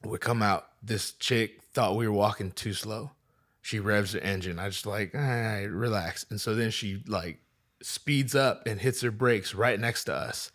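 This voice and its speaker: A man's voice: fairly low pitch, unhurried. A man in casual podcast chat, telling a story with lots of energy and swinging into other people's voices. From part Filipino, part Chinese. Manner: animated storyteller, acts out voices. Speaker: podcast co-host.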